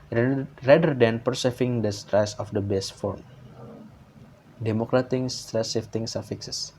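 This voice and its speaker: Guy reading his class slides, lowish voice, lots of uh and restarts, bit of background hiss. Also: a little mellow. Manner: halting, frequent uh fillers and restarts. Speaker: student presenter.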